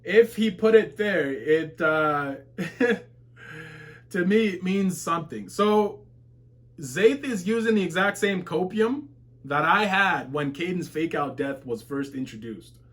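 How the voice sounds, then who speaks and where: A casual, excitable man reads viewer comments aloud on a live reaction stream. His voice sits a little high for a man and swings from low mutters to loud yelps. He laughs and swears freely as he reacts. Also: slow. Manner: excitable, swears and shouts at plot twists, laughs often.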